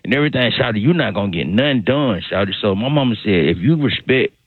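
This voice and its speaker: A man's voice: lowish voice, expressive, fast, slightly rough, dry recording. Rambling man on a tinny phone line. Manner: rambling, repetitive, circles back to the same phrases; slangy, calls the host shawty. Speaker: regular caller on a radio comedy bit. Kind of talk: rambling phone-call comedy bit. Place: on a phone call into a radio show.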